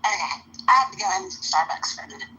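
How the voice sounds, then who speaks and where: A woman's voice: medium pitch, expressive, fast talker, bright, forceful tone. A woman with a slight Midwestern American accent, talking hesitantly and correcting herself in casual podcast chat. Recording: muffled online call audio, faint hiss.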